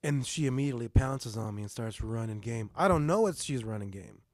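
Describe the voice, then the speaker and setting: A middle-aged man casually telling a story on a podcast, animated and swearing, often asking "you know what I mean". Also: mid-range voice, brisk, no room sound, clean studio sound. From Mexican heritage. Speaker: podcast host.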